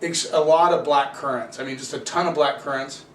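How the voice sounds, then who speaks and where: A man's voice: a little high, fairly even intonation, fairly quick. Opinionated man reviewing wine, echoey room. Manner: opinionated, chatty, rants with rhetorical questions. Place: home room with cameraman. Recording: echoey room, distant camera mic, faint hiss.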